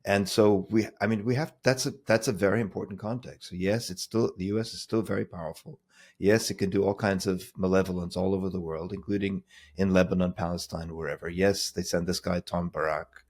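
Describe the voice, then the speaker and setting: Here a deep, darkish male voice moves briskly with fairly even intonation. As a co-host on a discussion podcast recorded over a remote call, he makes his points emphatically and argumentatively in a casual back-and-forth.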